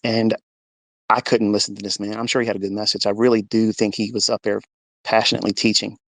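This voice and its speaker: Gravelly man telling a personal testimony. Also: lowish voice, little pitch movement, quick pace, dry recording. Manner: earnest storytelling, reenacting his own past words; religious. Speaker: trading mentor. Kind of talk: personal testimony told to an audio-chat audience.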